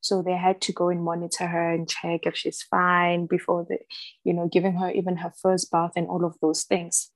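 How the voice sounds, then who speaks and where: A woman's voice: lowish voice, monotone, moderate pace, dry recording, rough recording. A young woman talking frankly in a casual chat, laughing often and acting out what people said to her.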